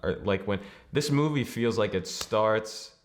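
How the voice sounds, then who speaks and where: A man's voice: fairly low pitch, unhurried, slight background noise. A man co-hosting a podcast, reviewing a film in casual, rambling chat and laughing often. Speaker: podcast co-host.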